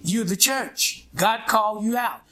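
Throwing out "what?" and "huh?", a pastor waits for his congregation to respond during a call-and-response sermon. He speaks a little slowly, his high voice bright and forceful.

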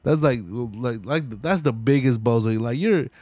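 A man ranting hard on his own podcast, cursing freely and jumping into sneering mock voices of the people he is arguing against. His voice sits in a middle pitch, and the sound is dry and close with no room around it. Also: unhurried, darkish tone, no room sound. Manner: profane, heated, swinging into mocking voices. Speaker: podcast host. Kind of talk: solo podcast rant.

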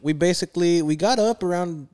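A man's voice: sits high, fairly quick, darkish tone, clear, resonant tone. A young man chatting casually with friends, giving a laid-back recap that mixes English and Spanish. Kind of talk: casual chat among friends.

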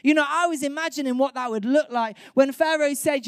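A woman pastor preaching a sermon, animated and acting out voices from the story. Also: high voice, brisk, hardly any pauses, no echo, studio quality. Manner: animated, acts out voices of biblical crowds.

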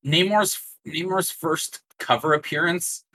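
A man chiming into a casual podcast chat with quick remarks. His voice is bright and husky. He speaks slowly, and the recording is dry. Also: a little high, no echo, low-quality recording. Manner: laughing, quick interjections.

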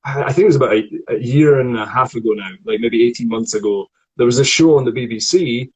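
Scottish male voice coach, husky, conversational teaching tone, lots of restarts. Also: mid-range voice, quick pace, rough recording. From Scotland. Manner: chatty, explanatory, frequent restarts. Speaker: acting voice coach. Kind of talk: online acting lesson conversation.

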